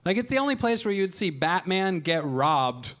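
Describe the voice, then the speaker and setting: Male stand-up comic, slightly high voice, wry and self-mocking, acts out side characters, handheld club mic. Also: very animated, normal speed, a bit bright. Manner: wry self-deprecating storytelling, acts out quoted people in raised voices. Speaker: stand-up comedian. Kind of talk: stand-up comedy set.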